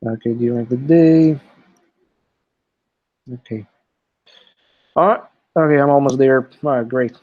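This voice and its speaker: A man's voice: medium pitch, a little slow, pauses often. A man teaching an English class live online, explaining step by step and checking in often with "okay", heard through a computer mic on a video call. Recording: dull lo-fi online call audio.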